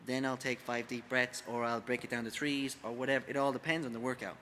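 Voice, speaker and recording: A man with an Irish accent, a gym coach co-hosting a podcast, talking in a loose, halting way with many fillers. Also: mid-range voice, little pitch movement, bright, forceful tone. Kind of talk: casual podcast chat. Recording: reverberant room with faint noise.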